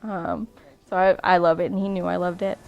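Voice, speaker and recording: A woman's voice: on the low side, level tone, a little fast, gravelly, a little mellow, soft background music. A young woman casually telling the story of her proposal in an interview, chatty, with frequent ums and restarts.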